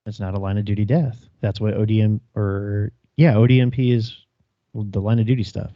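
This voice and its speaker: A man's voice: lowish voice, steady tone, a little fast, dry recording, highs cut off. A man co-hosting a podcast, joking in a wry, profane way through casual chat. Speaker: podcast co-host.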